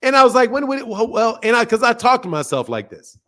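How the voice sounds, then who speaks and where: A man hosting a boxing channel, delivering a loud, profane, fired-up rant in casual stream talk, laughing between points. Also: extremely high pitch, sing-song, fairly quick.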